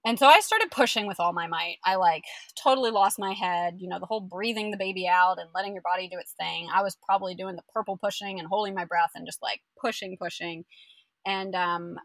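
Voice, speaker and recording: A young woman telling her birth story in casual chat, animated and full of fillers, acting out the people she quotes. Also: on the low side, a little fast, dry recording.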